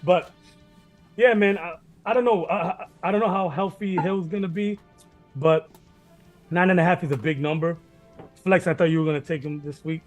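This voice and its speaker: Rambling, laughing sports-betting host. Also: male voice, high-pitched, moderate pace, pauses often, faint music behind. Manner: rambling, laughing, profane, repeats himself. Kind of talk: casual sports betting chat.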